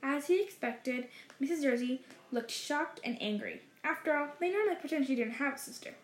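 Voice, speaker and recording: A woman reading a story aloud in a measured way, slowing down for dramatic phrases. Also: high-pitched, lively intonation. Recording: roomy echo.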